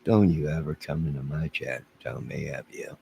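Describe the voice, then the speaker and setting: A man's voice: very deep voice, moderate pace, creaky, mellow, a little hiss or hum, rough recording. A man hosting a casual livestream, rambling and self-deprecating as he chuckles and answers viewers' chat. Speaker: livestream host.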